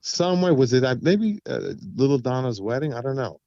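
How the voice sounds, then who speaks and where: A man telling stories in an interview, his pitch leaping up and down as he acts out what people said. The sound is dull and lo-fi, and the room is dry and close. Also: brisk, creaky, no room sound. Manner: animated storyteller, acts out quotes with big pitch jumps. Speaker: guest vocalist. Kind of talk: casual interview chat.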